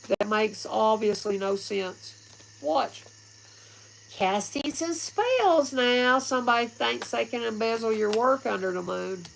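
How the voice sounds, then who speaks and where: A woman's voice: on the high side, vocal fry, a bit bright, a little hiss or hum, poor audio. A woman giving a casual livestream tarot reading, rambling, blunt and often laughing. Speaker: tarot reader.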